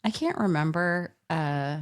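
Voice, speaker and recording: A woman's voice: low voice, unhurried, clear, resonant tone. A woman co-hosting a podcast with a nasal voice, chatting casually and playfully. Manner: playful, laughs along. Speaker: podcast co-host. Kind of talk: casual chat.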